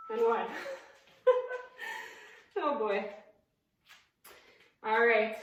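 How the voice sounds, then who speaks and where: A woman's voice: on the high side, extremely slow, pauses often, fairly bright tone, a little hiss or hum. A woman fitness instructor leading a live workout class, out of breath, upbeat and chatty as she counts down reps. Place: indoor room at home, evening workout. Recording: very echoey room, mic far off.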